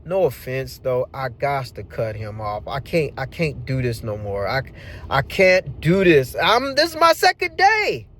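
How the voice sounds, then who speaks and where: A man telling a personal work story in a casual, animated, slangy way, as a channel host. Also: medium pitch, measured pace, slight background noise. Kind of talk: storytelling vlog.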